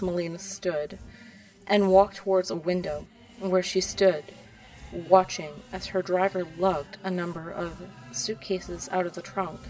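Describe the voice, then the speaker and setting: A woman reading a fan story aloud in a calm, quiet voice. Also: on the low side, measured pace, far from the mic, faint music behind, poor audio.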